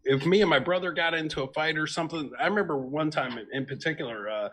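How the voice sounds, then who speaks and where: A male comedian guesting on a podcast, telling animated stories in casual chat and swearing along the way. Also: a little high, fast, a little hiss or hum, rough recording. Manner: animated storyteller, swears, laughs often.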